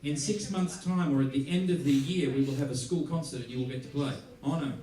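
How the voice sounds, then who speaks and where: Recorded from a distance in an echoey theater hall, this Australian man gives an anecdote-driven masterclass as a musician. He speaks briskly in a slightly high voice, acting out quotes with lively storytelling and frequent laughter.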